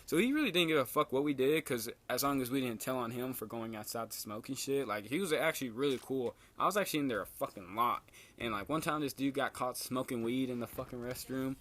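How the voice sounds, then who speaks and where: A man's voice: fast, fairly bright tone. Laid-back young man telling a story. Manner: laid-back slangy storytelling, swears a lot, jumps high for quoted lines. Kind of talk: casual storytelling.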